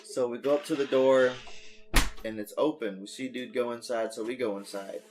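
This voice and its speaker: A man hosting a podcast, chatting casually and telling an animated story with bursts of mock announcer hype. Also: mid-range voice, moderate pace, over music. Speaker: podcast host. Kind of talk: casual chat.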